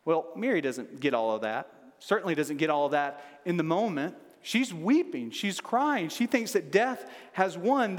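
Guy in his 40s preaching, keeps asking questions, gets fired up, lightly higher voice, big echoey church room. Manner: earnest, building to fervent emphasis with repeated rhetorical questions. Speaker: pastor. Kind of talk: sermon. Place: large church room with long reverb. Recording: long echoey hall reverb.

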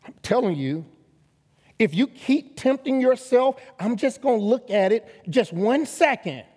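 A man preaching a sermon as a guest pastor, emphatic and calling for responses from the congregation, rising to loud exhortation. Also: very high voice, lively intonation, measured pace, husky. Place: church sanctuary. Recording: long reverb of a large hall.

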